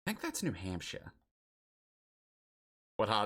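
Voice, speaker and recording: A man's voice: fairly low pitch, big pitch swings, moderate pace, fairly bright tone. A young man streaming a geography guessing game, chatting casually and musing aloud as he guesses locations.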